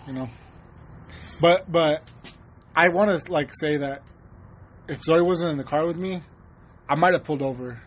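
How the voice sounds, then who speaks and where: Young male podcast co-host, swears a lot, animated storyteller, slightly high voice with faint background noise. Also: moderate pace, pauses often. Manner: animated, profane, laughing storyteller. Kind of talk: casual storytelling chat.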